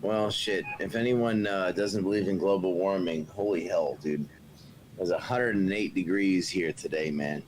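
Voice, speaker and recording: A man with a lowish voice calls in over a remote stream link. He talks bluntly and emphatically, with plenty of cursing. A faint hiss sits under his voice. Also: moderate pace, poor audio. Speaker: co-host calling in from abroad. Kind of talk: casual live-stream chat.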